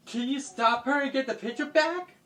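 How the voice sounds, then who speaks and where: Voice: high-pitched, normal speed, sharp tone, a little hiss or hum, pitched above the performer's own voice. A storyteller voicing a worried friend who pleads with the heroine for help. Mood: pleading.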